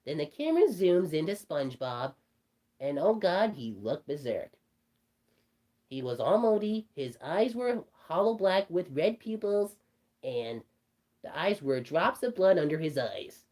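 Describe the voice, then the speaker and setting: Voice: mid-range voice, sing-song, unhurried, a little mellow. A performer voicing a cartoon rabbit telling a creepy story, rambling with stumbling restarts. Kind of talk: storytelling in character.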